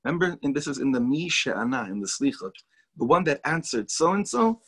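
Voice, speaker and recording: A man's voice: on the high side, lively intonation, fairly quick, a bit bright, slightly rough. A man teaching a Torah class to students, talking in an enthusiastic, chatty way and mixing in Hebrew and Yiddish words.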